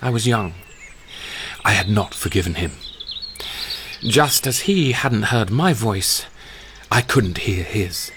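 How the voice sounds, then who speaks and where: A man playing a grown man narrating his memories in a measured, reflective way. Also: lowish voice, lively intonation, a bit bright, a little hiss or hum. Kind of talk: scripted narration.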